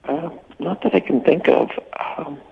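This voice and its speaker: A man's voice: a little high, expressive, measured pace, creaky, slight background noise. A man calling into a radio show, talking hesitantly and earnestly with lots of fillers. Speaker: caller. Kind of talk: telling a dating story on air. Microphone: phone. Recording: dull phone line.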